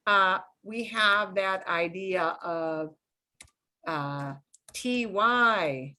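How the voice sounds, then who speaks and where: Woman, spanish teacher, patient, slow, bright tone. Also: on the high side. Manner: patient, explains slowly, checks in with "okay?". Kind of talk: online beginner class.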